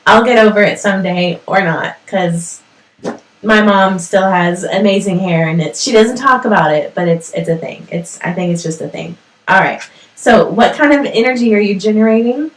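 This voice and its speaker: A woman's voice: medium pitch, normal speed, recorded from a distance. A woman hosting a parenting talk show from her home, speaking to her viewers in a chatty, motivational way and laughing at herself. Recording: echoey room, voice set back from the mic.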